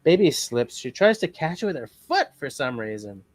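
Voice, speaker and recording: A man's voice: medium pitch, big pitch swings, moderate pace. A man co-hosting a casual livestream, telling rambling anecdotes. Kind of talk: casual chat.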